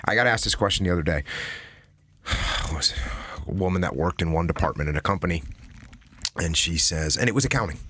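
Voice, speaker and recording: A man's voice: deep voice, lively intonation, brisk, pauses often, fairly bright tone, slightly rough, no room sound. A man guest on a podcast, talking emphatically and acting out example conversations. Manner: emphatic, acts out example dialogues. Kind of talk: casual conversation.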